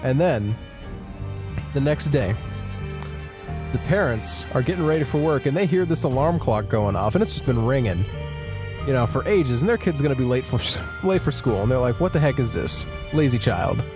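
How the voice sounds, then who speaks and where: A man hosting a podcast, telling a creepy story in a wry, animated way. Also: mid-range voice, moderate pace, pauses often, music in the background. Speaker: podcast host. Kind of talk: casual storytelling.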